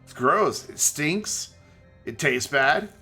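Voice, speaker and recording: A man streaming a game, chatting casually and joking in a rambling, animated way. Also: fairly high pitch, slow pace, breathy edge, soft background music. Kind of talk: casual chat while playing a game.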